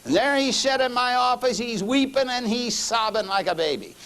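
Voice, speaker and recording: A middle-aged man preaching a sermon, telling a story and dropping to low murmurs before raising his voice for emphasis. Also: lively intonation, normal speed, fairly bright tone, poor audio.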